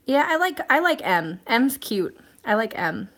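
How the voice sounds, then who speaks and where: A woman's voice: fairly high pitch, sing-song, unhurried, fairly bright tone. A woman hosting a casual live stream, chatting and answering viewer comments in a rambling way with plenty of ums and restarts.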